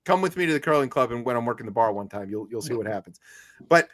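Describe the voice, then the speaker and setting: A man's voice: medium pitch, lively intonation, fast talker, a bit bright. A man co-hosting a comedic news podcast, rambling and joking with lots of restarts and mock quotes. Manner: rambling, jokey, many restarts and put-on quotes. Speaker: podcast co-host.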